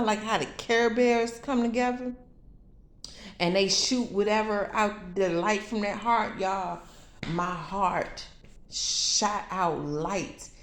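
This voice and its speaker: A woman talks straight to her viewers, telling a story with emphatic, profane energy. Her voice sits at an ordinary middle pitch. It rings around an echoey room. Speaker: vlogger telling a spiritual vision.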